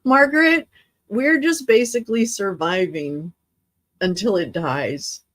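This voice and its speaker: An unhurried woman with a fairly low-pitched voice runs a livestream, talking casually and rambling with her viewers. She seems tired, and she laughs and swears often.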